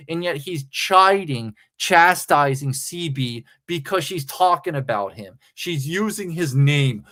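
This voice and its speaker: A man's voice: fairly high pitch, lively intonation, measured pace, hardly any pauses, a bit bright. A man hosting a livestream in a casual rant, profane and confrontational, hammering his points by repeating them. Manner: repeats phrases for emphasis. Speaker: livestream host.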